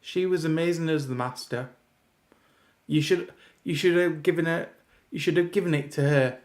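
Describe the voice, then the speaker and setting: A man's voice: fairly high pitch, normal speed. A man giving a casual reaction review of a TV episode, ranting in an exasperated way and often restarting his sentences. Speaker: video reviewer.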